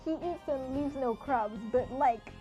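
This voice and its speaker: A woman's voice: high-pitched, a little slow, dark tone. Playful woman streamer. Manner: playful, teasing. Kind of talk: casual gameplay commentary. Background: game music.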